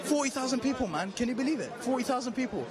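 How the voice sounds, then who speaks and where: A man's voice: very high-pitched, quick pace. A man presenting live at a large outdoor event, hyping the crowd and greeting people. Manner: energetic crowd hype.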